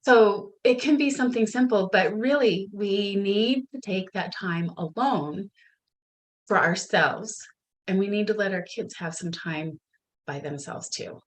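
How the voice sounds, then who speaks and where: A middle-aged woman chatting casually and telling stories from home with lots of animation. Her pitch sits in an ordinary middle range. She jumps into quoted lines and laughs easily. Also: unhurried, rough recording. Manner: animated storytelling, jumping into quoted voices and laughing. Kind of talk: casual conversation.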